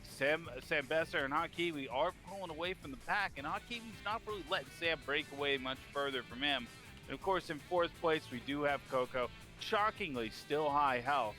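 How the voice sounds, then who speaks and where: A man giving eager play-by-play commentary on a video game race, rising in excitement at each crash. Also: fairly high pitch, fairly quick, faint music behind.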